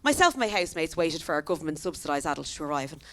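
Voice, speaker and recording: A woman's voice: sits low, big pitch swings, rapid-fire, a bit bright. A young Irish woman performing a stand-up comedy set, telling stories in a chatty way with lots of tag questions. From Ireland. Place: comedy venue stage.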